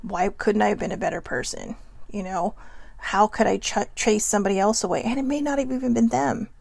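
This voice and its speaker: A woman's voice: mid-range voice, a little fast, creaky, a little mellow, no room sound. A woman hosting a casual motivational talk to camera, frank and swearing freely, with many asides to her viewers. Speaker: host.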